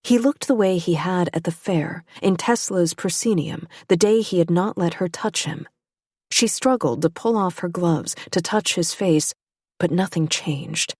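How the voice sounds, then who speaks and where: Brief: woman audiobook narrator, low, husky, measured, dry close sound. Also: a little mellow, dry recording. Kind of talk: scripted narration.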